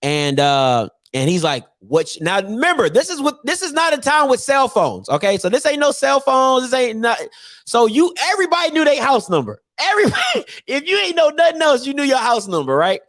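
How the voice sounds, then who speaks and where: Animated man telling a comic story. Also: extremely high pitch, brisk, dry recording. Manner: animated, laughing often.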